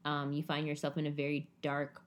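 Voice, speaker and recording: A young woman co-hosting a casual chat, animated, her voice jumping high when she acts out what people say. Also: fairly quick. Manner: animated, swoops high when acting out quotes. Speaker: podcast co-host.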